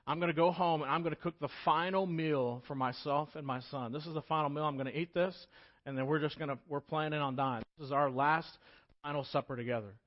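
A poor, desperate widowed mother speaks haltingly about her last meal, as a preacher puts her on mid-sermon. The voice stays close to a man's everyday speech. The recording is dull and lo-fi. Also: a little high, steady tone, natural voice.

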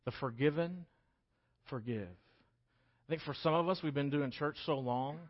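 A man preaching in a church, his voice sitting a little high for a man. He surges into loud, urgent appeals, then drops to hushed, weighty phrases. The recording is dull and lo-fi. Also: fairly even intonation, measured pace. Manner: impassioned, swings from loud urging to quiet emphasis. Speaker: pastor. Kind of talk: sermon. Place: church hall.

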